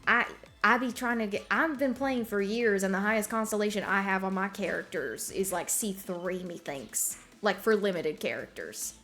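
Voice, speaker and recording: A woman's voice: medium pitch, moderate pace, bright, forceful tone, faint music behind. A woman streamer chatting casually with her viewers while gaming, bubbly and giggly, full of slang.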